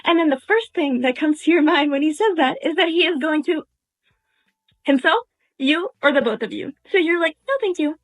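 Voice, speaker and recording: High-voiced young woman telling a story. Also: animated, normal speed. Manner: tells it in second person with quoted dialogue. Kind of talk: casual storytime monologue. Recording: tinny phone-like sound.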